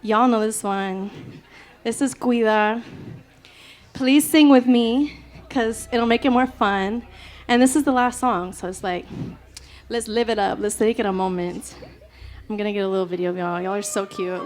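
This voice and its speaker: A woman's voice: fairly high pitch, normal speed. A woman singer chatting casually with her audience between songs at a small live music venue, giggly and loose, full of "like" and "y'all". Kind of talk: casual stage banter with an audience.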